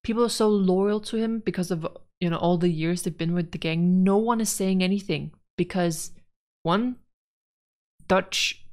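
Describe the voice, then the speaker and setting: A woman's voice: on the low side, unhurried, a little mellow. A woman giving casual gameplay commentary, rambling frankly and with exasperation about the story as a let's play gamer.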